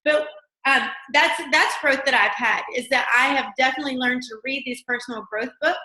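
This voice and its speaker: Woman host, casual live chat, rambling and upbeat, bright tone. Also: sits high, echoey room. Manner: bubbly, rambling, quick laughs.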